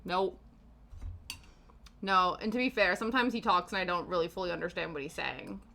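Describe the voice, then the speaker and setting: A woman's voice: fairly low pitch, lively intonation, fast talker, creaky, pushed and bright. A woman hosting a live stream, chatting casually with her viewers while she knits, rambling and laughing often. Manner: chatty and rambling, answering chat with frequent laughs.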